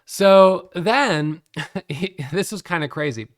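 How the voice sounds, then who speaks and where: Middle-aged guy, bit high voice, casual explainer vibe, laughs a lot, animated. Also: slow pace. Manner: animated, amused storytelling with frequent laughs. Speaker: day trading educator.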